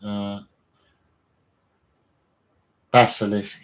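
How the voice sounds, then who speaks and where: A man's voice: mid-range voice, lively intonation, normal speed, hardly any pauses. A man hosting a casual livestream, reading aloud from a reference book, stumbling and repeating words and breaking off to greet viewers in chat.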